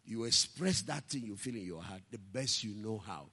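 A male pastor preaching a sermon, telling stories and building to impassioned shouts. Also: lowish voice, lively intonation, normal speed, husky, big-room sound.

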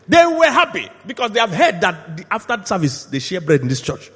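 A male pastor preaching a sermon, asking the congregation to finish his lines and swinging from quiet asides to loud shouted peaks. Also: high voice, very animated, fast, few pauses, husky. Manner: call-and-response questions to the congregation. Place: church hall. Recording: long hall reverb.

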